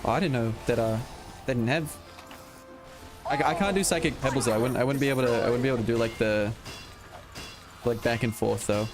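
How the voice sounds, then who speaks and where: A man's voice: mid-range voice, a little fast, long pauses. A young man with an Australian accent, chatting casually and swearing while playing a game, with game music behind. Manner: sweary, laughing, rambling. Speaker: gaming YouTuber. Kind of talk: casual gaming commentary.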